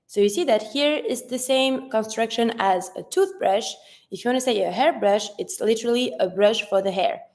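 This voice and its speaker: French lady teacher, slightly high voice, says each word slowly and clearly, mixes english and french. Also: darkish tone. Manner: slow, careful pronunciation drills, switching between English and French. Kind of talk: online vocabulary lesson.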